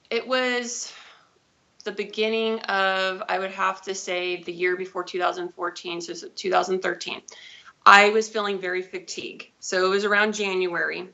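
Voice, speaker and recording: A woman's voice: medium pitch, fairly even intonation, measured pace, bright, forceful tone. A woman in her thirties, a guest telling her own story in a live interview, chatty and rambling with self-corrections. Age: 30s. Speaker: guest, diabetes advocate. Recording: dull lo-fi audio.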